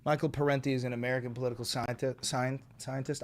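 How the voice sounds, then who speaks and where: A man's voice: mid-range voice, flat delivery, fast. A man streaming live, giving sarcastic, profane commentary while reacting to posts and videos.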